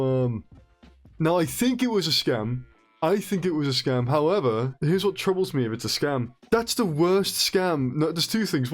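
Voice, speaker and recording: A man streamer telling a story casually, rambling and animated, with frequent restarts and swearing. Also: medium pitch.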